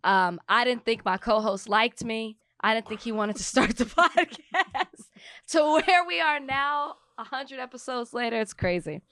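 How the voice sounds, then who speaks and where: A woman's voice: on the high side, unhurried, bright, forceful tone, no echo, clean studio sound. A woman co-hosting a podcast, talking in an emotional, gushing way. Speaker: podcast co-host. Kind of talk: casual chat.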